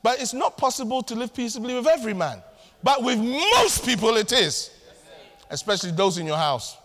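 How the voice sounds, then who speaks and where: A man preaching a sermon to his church, animated and acting out little family scenes as he talks. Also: extremely high pitch, normal speed. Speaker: pastor. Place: church hall. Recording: long hall reverb.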